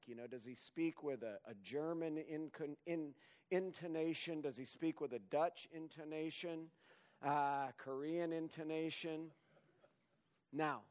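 Male preacher, slightly high voice, slow and earnest sermon delivery. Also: a little mellow. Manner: slow, earnest, rising to emphatic exhortation.

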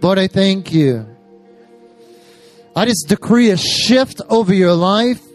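A man's voice: high-pitched, animated, slow, faint music behind. A man preaching an impassioned sermon and praying over a church service, with fervent, repeated declarations.

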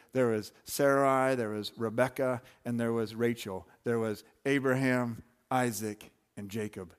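A man preaching a sermon in a loose, conversational way, full of asides and restarts. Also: mid-range voice. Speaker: pastor.

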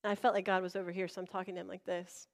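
A woman pastor preaching a sermon, telling a personal story with animated, acted-out dialogue to a congregation. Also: on the low side, racing. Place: church before a congregation.

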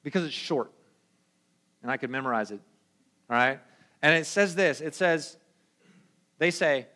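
A young adult male pastor giving a casual, conversational sermon in an animated, slangy way. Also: fairly high pitch, unhurried, long pauses. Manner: animated, slangy, acts out quoted voices.

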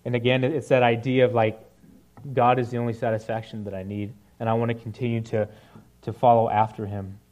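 A man's voice: medium pitch, little pitch movement, fairly quick, darkish tone. A young man giving a casual, conversational sermon, with many fillers and frequent "right?" asides to the listeners. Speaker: preacher.

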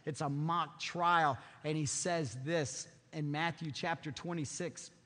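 Emphatic high-voiced preacher in a big hall. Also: male voice, fairly even intonation, measured pace. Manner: emphatic, sweeping swings in pitch and loudness. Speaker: pastor. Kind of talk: sermon.

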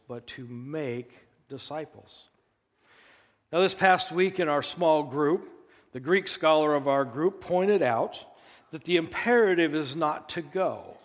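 An earnest male pastor delivers a sermon, leaning hard on his key phrases. His voice sits a little high for a man. A long reverb trails each line, as in a large church hall. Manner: earnest, emphatic preaching with slow stressed phrases.

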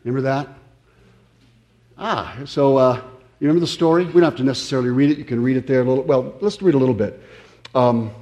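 A male pastor preaching in a loose, conversational way, full of fillers and restarts. His voice is mellow and warm. He sits in the middle range of pitch and keeps stopping to question his listeners. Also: quick pace, pauses often. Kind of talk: sermon.

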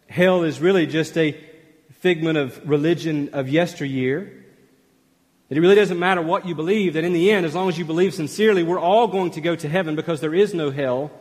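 Preaching man in a reverberant hall. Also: on the high side. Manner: emphatic, rising and dropping to a hush. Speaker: pastor. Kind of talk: sermon. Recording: long reverb of a large hall.

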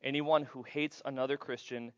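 A man preaching a sermon as pastor, playful and animated, acting out little scenes for the congregation. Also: medium pitch, normal speed, no room sound, highs cut off.

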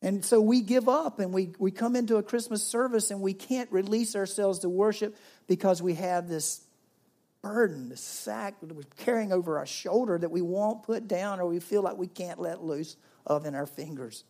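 Guy preaching a sermon, storytelling style, gets loud then goes real quiet. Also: high-pitched, normal speed. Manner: storytelling preacher, swings between loud and hushed. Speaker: pastor.

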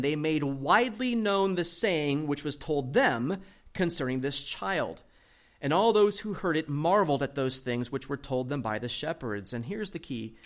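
A man preaching a Bible sermon in a fairly high voice. He reads verses aloud and explains them with animated rises and quiet, pointed drops for emphasis. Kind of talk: sermon teaching from scripture.

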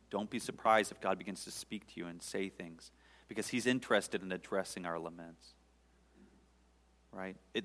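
A man preaching a sermon as pastor, swelling to loud fervent peaks and sinking to near-whispers. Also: low-pitched, in a large hall.

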